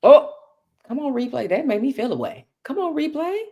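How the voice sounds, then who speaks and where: Woman, Oklahoma accent, casual chat, playful exclamations, lively pitch. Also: normal speed, husky. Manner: expressive, playful, Southern slang.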